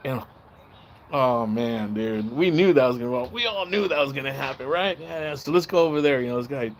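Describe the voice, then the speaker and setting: A man livestreaming, telling a long casual story in a rambling, profane way and acting out the shouts and voices of the people in it. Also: mid-range voice, animated, a little fast, slight background noise. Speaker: live streamer. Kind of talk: casual storytelling on a live stream.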